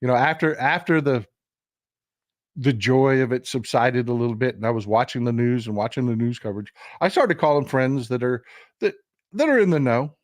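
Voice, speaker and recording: A man's voice: mid-range voice, normal speed, no room sound. Emphatic man hosting political commentary. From Texas. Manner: emphatic, repeats and restarts words, addresses viewers as folks. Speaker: livestream host.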